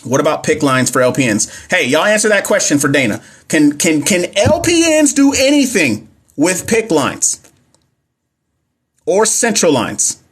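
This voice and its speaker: A man's voice: on the high side, very animated, a little slow, a bit bright, husky. A young man, teaching nursing exam questions on a casual livestream and answering viewers' comments as he goes. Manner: chatty, reads questions aloud, talks back to viewer comments. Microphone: phone or webcam mic.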